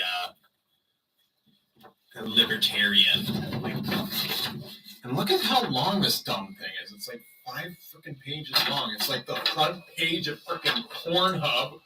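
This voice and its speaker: A man's voice: medium pitch, pushed and bright, recorded from a distance, poor audio. A man livestreaming in casual chat, rambling and sarcastic as he talks to his viewers.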